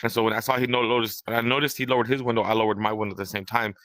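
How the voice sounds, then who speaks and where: A young man hosts a podcast, spinning a long, rambling, profane story in casual chat and acting out what others said. His mid-range voice has little pitch movement and a bit of brightness, and he talks at a racing speed with no echo.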